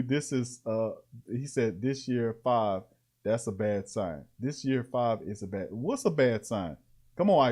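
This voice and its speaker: A man hosting a casual sports talk show, reading out practice notes and reacting with animated, laughing commentary. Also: mid-range voice. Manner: animated, laughing, repeating lines for emphasis.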